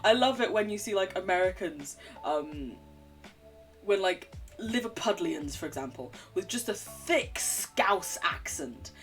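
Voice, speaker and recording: A woman's voice: lowish voice, expressive, a little slow, faint music behind. A young woman with a standard English accent, chatting to her viewers in a giggly, teasing way while she plays a game. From England. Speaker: streamer. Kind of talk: casual live-stream chat while gaming.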